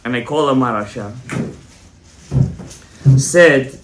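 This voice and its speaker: A male rabbi telling a story in a Torah class, animated and joking, mixing in Hebrew terms. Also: mid-range voice, slow, background noise. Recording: echoey room, faint background.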